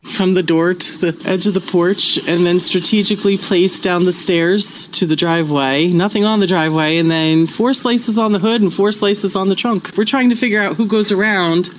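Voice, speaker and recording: Man in a news clip, high voice, annoyed and disbelieving, faint noise underneath. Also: normal speed, low-quality recording. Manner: exasperated, indignant.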